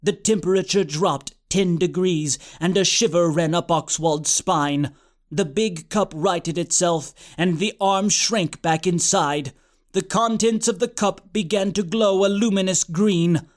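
Man, high voice, dry matter-of-fact comic audiobook narration. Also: a little slow.

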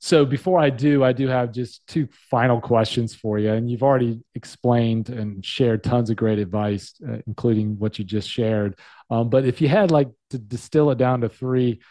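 A man's voice: mid-range voice, dark tone, dry recording. A man hosting a podcast, chatting casually with his guest and calling him brother. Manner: friendly, calls guest brother. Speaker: podcast host. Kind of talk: casual interview.

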